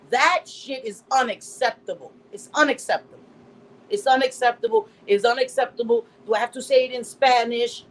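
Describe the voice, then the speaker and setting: A woman's voice: on the high side, a little hiss or hum, poor audio. A middle-aged woman from Puerto Rico hosting a casual live stream, blunt and profane, with Spanish words mixed in. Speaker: livestream host.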